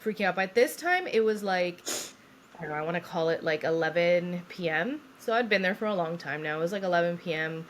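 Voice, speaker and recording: A young woman co-hosting a podcast, telling her story in a casual, animated way, swearing freely and acting out what people said. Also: lowish voice, a little fast, a little hiss or hum. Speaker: podcast co-host.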